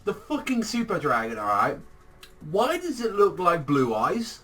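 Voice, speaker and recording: A man giving a casual, rambling episode review, excitable and swearing constantly. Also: high-pitched, a little slow. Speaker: anime reviewer.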